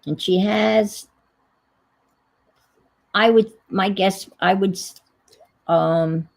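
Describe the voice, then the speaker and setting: A woman hosting a crafting livestream chats casually as she works, thinking aloud and rambling in a self-deprecating way. Her mid-range voice is creaky and very slow, and the recording is rough.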